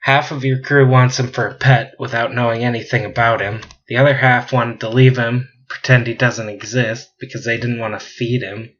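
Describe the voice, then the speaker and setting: A man's voice: medium pitch, little pitch movement, moderate pace, few pauses, a bit bright, natural voice. Norman, a reproachful lecturer, read by a man. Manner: reproachful, explaining. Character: man lecturing the captain, male. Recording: dull lo-fi recording.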